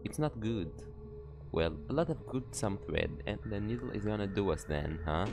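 A man's voice: lowish voice, expressive, normal speed, creaky, over music. A man reading a brash, foul-mouthed young man from a game, blunt and impatient. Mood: gruff. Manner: swearing, blunt.

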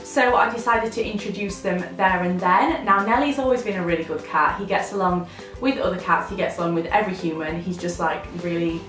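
A woman's voice: on the low side, a little fast, a bit bright, roomy sound, soft background music. A woman, chatting to camera in a bubbly, rambling vlog. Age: 20s. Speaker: lifestyle vlogger.

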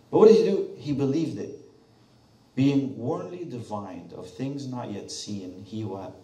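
Animated preacher in an echoey church. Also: male voice, medium pitch, measured pace, recorded from a distance. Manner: animated, asks the congregation questions. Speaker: pastor. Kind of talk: sermon. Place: church sanctuary.

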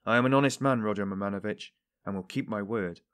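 A man's voice: on the low side, fast, lightly acted. A man voicing an earnest middle-aged police investigator who pleads fervently with a suspect in an audiobook. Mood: urging.

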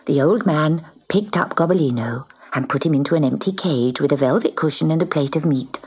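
A woman narrating a children's storybook in a soft, often half-whispered, husky voice. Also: low-pitched, normal speed, few pauses.

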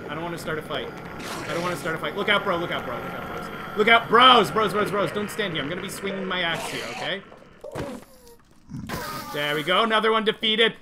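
A high-voiced man narrates a live game stream, swinging between nervous worry and excitable cheering as he addresses his chat. Steady background noise sits under his voice throughout the recording. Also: fast, long pauses. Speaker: gaming livestreamer. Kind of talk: live gameplay commentary.

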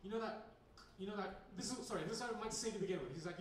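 Man, stand-up comedian, high-pitched, rambling and hesitant, distant, very echoey bar room. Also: very fast, hardly any pauses, a little hiss or hum. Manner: rambling, hesitant delivery with many fillers. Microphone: handheld recorder in the audience.

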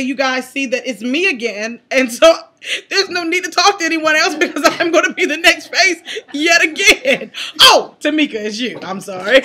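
A woman's voice: high voice, pushed and bright. A woman reporter playfully interviewing contestants, bubbly and teasing, laughing often. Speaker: contest entrant and field reporter.

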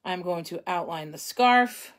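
A woman's voice: fairly low pitch, lively intonation, measured pace. Young woman chatting thru a painting tutorial, laughs at her own mistakes, talks to herself as she goes. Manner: chatty and self-deprecating, thinks aloud while painting. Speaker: craft instructor.

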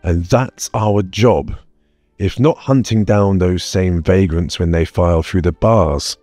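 A man's voice: low voice, slow pace, dark tone, no echo. A man voicing a clever, sarcastic young male adventurer, speaking articulately over faint music. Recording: dry close mic, faint music bed.

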